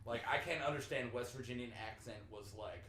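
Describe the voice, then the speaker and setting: A young man from North Dakota hosting a podcast, telling animated stories in casual chat, swearing freely and acting out what people said. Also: medium pitch, a little fast, a little hiss or hum. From North Dakota, USA. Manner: animated storyteller, swears freely, acts out quotes. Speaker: podcast host. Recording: echoey room with faint ambience.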